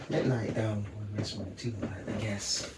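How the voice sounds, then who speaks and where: Man, casual home chatter to a pet, mumbled and low-key; distant mic in a roomy space. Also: level tone, moderate pace. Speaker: home video maker. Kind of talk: casual talk to his pet. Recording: echoey room, far off, loud noise.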